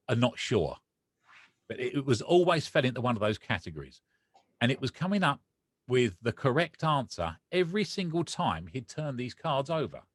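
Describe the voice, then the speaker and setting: Brief Romford man, lively storyteller who voices the others, dry close sound. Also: mid-range voice, no room sound. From Romford, England. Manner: animated, acts out dialogue. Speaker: guest. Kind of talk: personal storytelling.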